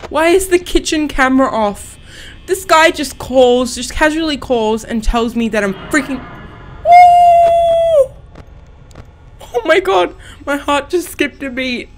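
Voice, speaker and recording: A woman's voice: high-pitched, normal speed, soft background music. A young woman hosting a horror game let's-play, panicky and gasping, swearing under her breath. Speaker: gaming channel host.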